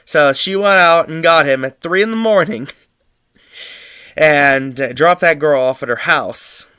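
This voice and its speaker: A young man from Pennsylvania spins family anecdotes with animated energy and frequent chuckles. His voice sits high for a man and rings bright. The sound is close and dry. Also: measured pace, clean tone, no room sound. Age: young adult. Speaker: student storyteller.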